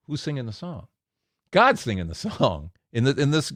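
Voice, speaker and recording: A man giving a devotional message for men, storytelling with lively acted-out quotes. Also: medium pitch, a little fast, no echo, studio quality. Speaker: speaker of a men's devotional.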